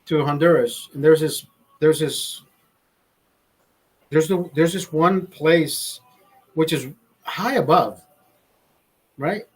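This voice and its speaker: Male show host, husky tone, pitched a touch high, loose profane storyteller who restarts sentences a lot. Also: takes it slowly, long pauses, low-quality recording. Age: adult, father. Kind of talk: casual rambling chat. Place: studio.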